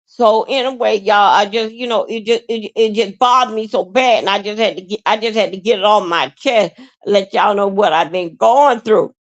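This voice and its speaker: A woman hosting a livestream, rambling in a halting, repetitive way with many fillers and plenty of emotion. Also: medium pitch, muffled recording. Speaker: livestream host. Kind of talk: rambling live-stream monologue.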